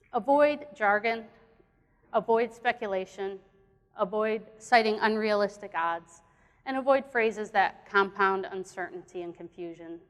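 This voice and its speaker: Speaking at a medium pitch, a woman gives a conference talk in an earnest, plainspoken manner, with the odd filler and restart. A long reverb from the hall hangs on her voice.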